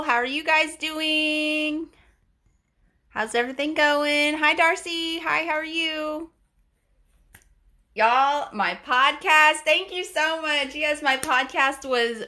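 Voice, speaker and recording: Greeting her viewers and reading out their comments, this live stream and podcast host gushes in a bubbly, often repetitive way during a casual stream. Her high voice sounds pushed and bright.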